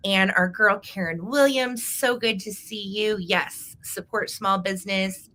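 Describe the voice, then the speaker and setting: A woman's voice: medium pitch, unhurried, bright, forceful tone. A woman hosting a live vintage sale, chatting casually and greeting viewers by name in an upbeat way. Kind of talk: casual livestream chat.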